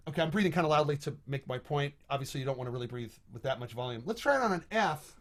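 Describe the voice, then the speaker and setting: A man's voice: a little high, expressive, rapid-fire, hardly any pauses, a bit bright. A middle-aged man teaching trombone over a video call, talking casually, thinking aloud and singing rhythms on "da" syllables. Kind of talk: online music lesson.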